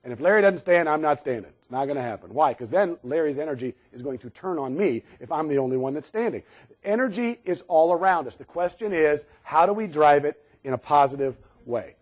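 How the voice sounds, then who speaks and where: Higher-voiced man giving a sarcastic safety talk. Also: animated, fairly quick, breathy edge. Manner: sarcastic, joking, acts out what people say. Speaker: workplace safety speaker. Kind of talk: humorous keynote talk to an audience.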